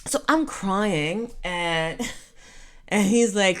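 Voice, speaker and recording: A woman's voice: mid-range voice, extremely slow, clean tone. A woman, telling a rambling personal story in a casual vlog. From Quebec. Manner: animated, rambling, self-interrupting. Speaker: storyteller vlogger.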